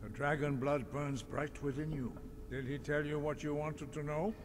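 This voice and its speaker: A man's voice: fairly high pitch, steady tone, normal speed, crowd noise, close to an everyday voice. A man playing a solemn old monk. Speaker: game character. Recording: game audio with loud ambience.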